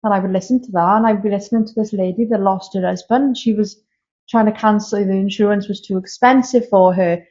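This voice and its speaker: Her voice is warm, medium-pitched and steady, moving a little fast. She's a medium in her thirties, the guest in a casual interview filmed live in a castle room, telling candid and emotional personal stories on a slightly dull lo-fi recording.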